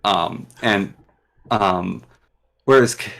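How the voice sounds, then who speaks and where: A man's voice: fairly low pitch, moderate pace, fairly bright tone. A man with a Northwestern Canadian accent, a guest chatting casually, rambling with many ums and restarts. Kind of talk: casual interview chat.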